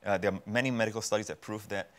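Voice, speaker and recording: A man's voice: lowish voice, fairly even intonation, very fast, fairly bright tone. A man from Singapore, preaching as a guest pastor on a TV talk show and repeating key phrases for emphasis.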